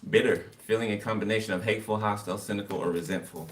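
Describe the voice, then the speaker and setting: A man's voice: lowish voice, steady tone, very fast. A man giving a casual live tarot reading, chatty and laughing often as he greets viewers. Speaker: tarot reader. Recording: distant from mic, clear background noise.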